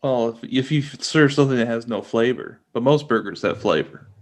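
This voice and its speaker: A man's voice: mid-range voice, animated, normal speed. Laid-back young man co-hosting a podcast. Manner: laid-back, mild and hesitant, with frequent restarts. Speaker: podcast co-host. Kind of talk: casual chat.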